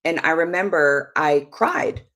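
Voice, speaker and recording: Very animated yet unhurried, a woman with a deep, fairly bright voice shares a personal story on marriage at a Christian ministry. She keeps it chatty and candid on the live show, leaning often on "like" and "you know."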